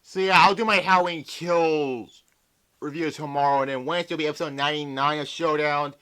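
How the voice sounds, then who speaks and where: A man's voice: a little high, steady tone, fairly quick, pushed and bright, smooth. A young man reviewing a wrestling show in a casual, exasperated rant full of swearing. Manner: profane, exasperated ranting.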